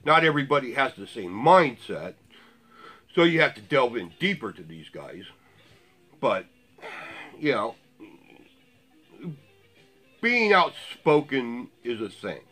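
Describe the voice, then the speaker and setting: A man's voice: medium pitch, very animated, slow pace, long pauses, bright, forceful tone, soft background music. A man ranting in blunt, profane, sarcastic commentary to his viewers. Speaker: vlogger.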